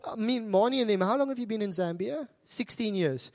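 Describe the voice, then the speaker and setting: A South African man with a notably high voice preaches from the pulpit. He is middle-aged, earnest and conversational, and he turns to the congregation with quick asides. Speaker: pastor. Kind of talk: sermon. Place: church.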